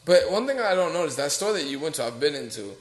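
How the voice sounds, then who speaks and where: A man's voice: on the high side, big pitch swings, fast, echoey room. A man co-hosting a podcast, chatting casually and profanely about music, often talking over his co-host. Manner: loose, profane, talks over others.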